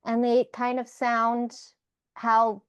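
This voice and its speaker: Slow, patient woman teaching sounds. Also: on the high side, monotone, smooth, no room sound, dull audio. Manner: patient, demonstrates sounds slowly. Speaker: Sanskrit class leader. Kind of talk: online group lesson. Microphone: video call.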